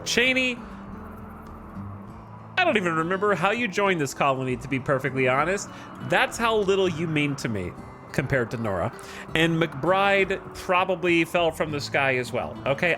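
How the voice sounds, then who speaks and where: A man's voice: fairly high pitch, voice pushed up. A man voicing a stern male colony leader with a Birmingham accent, delivering a theatrical, scolding eulogy. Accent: Birmingham, England.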